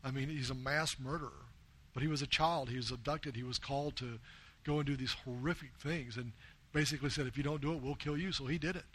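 A man's voice: medium pitch, sharp tone. Earnest American man preaching. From United States. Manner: earnest storytelling, quoting others in plain voice. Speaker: missionary preacher. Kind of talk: sermon.

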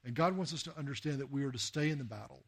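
A male preacher who talks to his congregation like he's telling stories over coffee, with plenty of "uh" and "you know" along the way. His voice sits at an ordinary middle pitch. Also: very fast, creaky, husky. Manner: anecdotal, conversational, with frequent fillers and acted quotes. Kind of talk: sermon with storytelling.

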